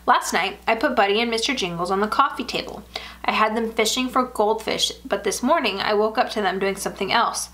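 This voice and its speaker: A woman narrating a first-person horror story aloud in an even, measured way. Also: medium pitch.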